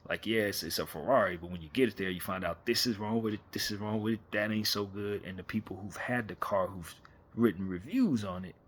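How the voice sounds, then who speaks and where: Man, husky low voice, animated fan commentary, rhetorical, repeats himself, casual late-night video chat.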